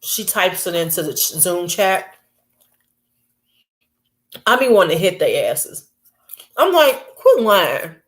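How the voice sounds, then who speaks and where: A woman chatting casually to her camera at home late at night, blunt and quick to laugh, acting out her coworkers as she goes. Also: on the low side, big pitch swings. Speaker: vlogger. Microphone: camera mic.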